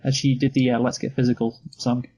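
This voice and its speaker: Husky man chatting about a film. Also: mid-range voice, little pitch movement, fairly quick, a little mellow, poor audio. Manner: dry, sweary, laughs easily. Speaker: podcast co-host. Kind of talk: casual film review chat.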